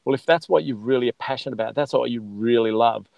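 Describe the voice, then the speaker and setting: A man's voice: medium pitch, fast, vocal fry, a little mellow, no room sound, muffled recording. A man, a guest in a casual interview, talking with enthusiasm and calling the host "mate". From Australia. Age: 50s. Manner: enthusiastic, says "mate" often. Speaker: chocolatier guest.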